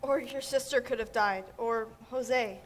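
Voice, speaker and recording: A woman's voice: fairly high pitch, measured pace, close to an everyday voice. A woman acting a young man caught up in a crime plot, in an urgent, pleading live stage musical performance. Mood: guilty.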